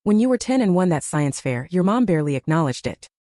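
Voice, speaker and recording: A woman's voice: lowish voice, sing-song, quick pace, mellow, dry recording, studio quality. A woman voicing a blunt, protective middle-aged aunt who speaks frankly and indignantly.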